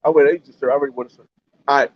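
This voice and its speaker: A young man live-streaming a casual travel vlog from a beach, talking loosely in slang and shouting out viewers on a handheld phone. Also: mid-range voice, fairly even intonation, racing. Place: outdoors on a beach by a boat landing. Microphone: phone camera held by hand. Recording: slightly dull lo-fi phone audio.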